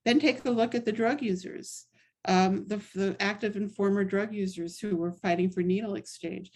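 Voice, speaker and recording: A woman's voice: medium pitch, steady tone, moderate pace, a little mellow. A middle-aged woman author giving a book talk presentation, telling stories in a conversational way with frequent asides.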